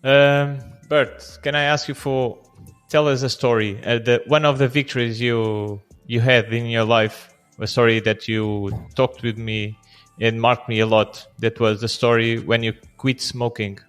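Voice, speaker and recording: A man's voice: medium pitch, little pitch movement, measured pace, a bit bright, clear, resonant tone, soft background music. A man whose first language is Portuguese, hosting an interview in English and asking questions with some hesitation. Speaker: interviewer, host.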